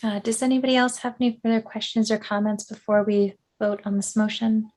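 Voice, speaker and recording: A woman's voice: mid-range voice, level tone, brisk, a little mellow. A woman chairing a board meeting, running the votes in a procedural way with a few fillers.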